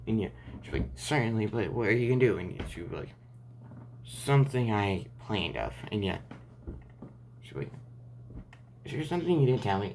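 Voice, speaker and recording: Rambling low-voiced man telling a story. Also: a little hiss or hum. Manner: rambling, restarting often with "and yeah". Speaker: fan fiction storyteller. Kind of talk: improvised story narration.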